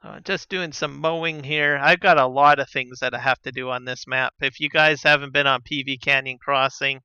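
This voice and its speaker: A man chatting casually on a live gaming stream, relaxed and rambling with lots of fillers and soft chuckles, on a slightly dull lo-fi mic. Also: mid-range voice, normal speed, clear, resonant tone, dry recording. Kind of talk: casual live-stream chat while playing.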